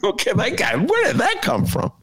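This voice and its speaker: A man hosting a casual political chat podcast, animated and laughing often as he talks. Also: high-pitched, breathy edge, no echo. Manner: animated, laughing, breaks into quick impressions. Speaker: podcast host.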